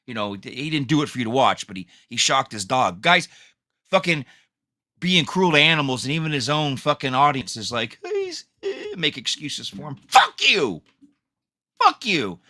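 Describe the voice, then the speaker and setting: A man's voice: medium pitch, animated, moderate pace, bright, forceful tone. Angry swearing male podcast host. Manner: angry, profane ranting. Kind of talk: solo rant.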